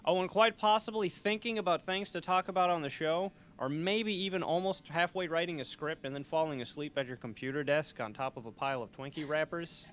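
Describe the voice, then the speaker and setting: A man's voice: a little high, a little fast, few pauses, fairly bright tone. A young man hosting a college radio show, chatting and joking in a loose, rambling, self-mocking way from a small studio. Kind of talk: rambling comedic radio chat.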